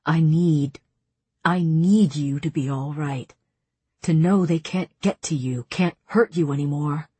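Woman reading a devoted male faerie lover, low breathy murmur, slow and earnest. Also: warm tone, no room sound, exaggerated voice. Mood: tender.

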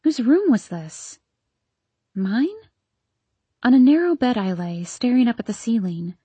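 A woman reads a first-person novel aloud, her voice breathy and husky at a middle pitch. The sound is dry and close, with no room behind her, and her delivery is hushed and anxious. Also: expressive, measured pace, no room sound. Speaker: audiobook narrator.

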